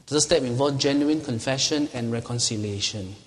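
A man's voice: medium pitch, fairly quick, slight background noise. A middle-aged man preaching a sermon as a pastor, talking to the congregation in a conversational way and asking them rhetorical questions. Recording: long reverb in a hall.

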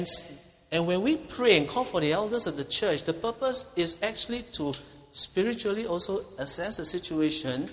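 A man's voice: a little high, a bit bright. A man preaching an expository sermon, teaching with emphasis and often checking in with his listeners by asking "okay?". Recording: long reverb of a hall.

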